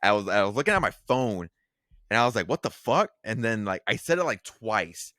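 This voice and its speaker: A man's voice: on the low side, expressive, a little fast, pushed and bright, no echo, clean studio sound. A man co-hosting a casual podcast, rambling with plenty of fillers, restarts and swearing. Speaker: podcast co-host.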